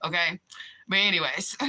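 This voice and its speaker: A woman's voice: mid-range voice, expressive, slow pace, pushed and bright. A woman talking casually on a livestream, reading viewers' comments aloud and answering them with candid, profane remarks and frequent laughter.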